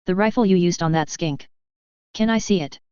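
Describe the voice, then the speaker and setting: A woman's voice: on the low side, moderate pace, mellow, clear, resonant tone, dry recording, muffled recording, natural voice. A woman voicing an eager, easily scared young man in an audiobook read. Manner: eager and timid.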